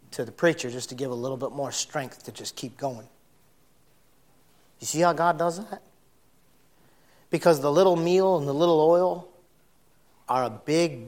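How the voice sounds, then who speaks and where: Fiery, folksy male preacher. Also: fairly high pitch. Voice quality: folksy, blunt preacher talk. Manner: swings from loud shouting to soft, emotional storytelling. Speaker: pastor. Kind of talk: sermon.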